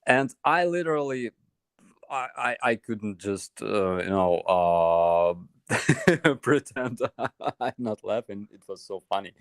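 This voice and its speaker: A man with a Ukrainian accent tells a story in casual chat, hesitant and full of pauses and fillers. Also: on the low side, expressive, smooth, dry recording, studio quality. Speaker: guest soldier.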